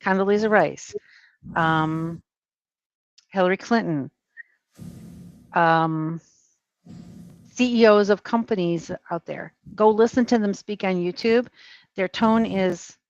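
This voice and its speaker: A woman guest explains her view with emphasis, acting out short examples as she goes. Her voice sits at a mid pitch, and the call audio is dull and dry. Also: slow, pauses often, no room sound. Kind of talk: casual chat.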